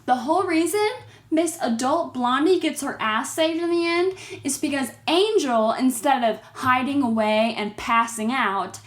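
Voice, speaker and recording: A woman's voice: sits high, a little slow, echoey room. Exasperated woman recapping a horror movie. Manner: exasperated, sarcastic commentary.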